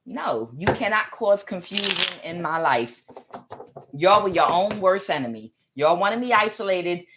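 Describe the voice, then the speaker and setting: A woman's voice: fairly low pitch, animated, a little slow, heavy background noise. A woman giving a casual spiritual tarot reading, talking emphatically and repetitively straight to her audience, with chuckling asides. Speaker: tarot reader.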